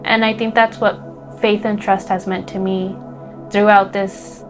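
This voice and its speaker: A woman's voice: medium pitch, little pitch movement, a little slow, faint music behind. A woman spiritual teacher, emotional and close to tears, talking earnestly about faith and trust with many fillers and restarts. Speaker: spiritual teacher and energy healer. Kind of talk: heartfelt spiritual talk to camera.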